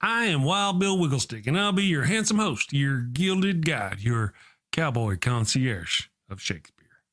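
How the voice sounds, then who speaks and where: A man's voice: medium pitch, big pitch swings, unhurried, a bit bright. A man playing a boastful, folksy redneck cowboy who grandly hosts a Shakespeare comedy sketch and recites verse. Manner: folksy, self-important showman.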